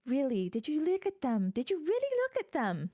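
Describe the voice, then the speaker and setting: A woman's voice: medium pitch, expressive, normal speed, darkish tone, no echo. A woman voicing Abigail, a haughty and aloof young witch who mutters complaints with disdain. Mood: exasperated.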